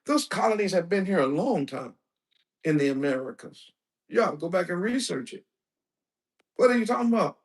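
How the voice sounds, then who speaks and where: A male preacher giving a lecture-style sermon, emphatic, asking rhetorical questions and breaking into bursts of shouting. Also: fairly high pitch, animated, normal speed. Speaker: preacher and teacher.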